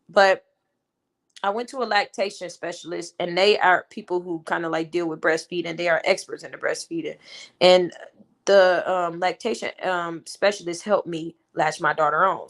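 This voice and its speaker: A woman's voice: fairly low pitch, a bit bright. A woman in her twenties telling a personal story on her vlog in an emphatic, venting way, talking straight to her viewers. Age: 20s. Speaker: vlogger and mother.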